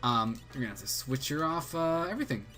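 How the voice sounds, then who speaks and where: A man's voice: mid-range voice, lively intonation, quick pace, sharp tone, soft background music. A young man co-hosting a game let's play, chatting casually, rambling and joking at his own expense. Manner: joking, rambling, self-deprecating. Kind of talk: casual chat over gameplay.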